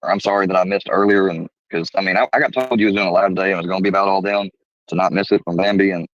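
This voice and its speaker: A blunt, rambling man talks quickly in a lowish voice as a live-stream guest, cursing freely. The sound is dull and lo-fi, like video call audio. The room is dry. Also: fairly even intonation, fairly bright tone, no echo. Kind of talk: casual live-stream chat.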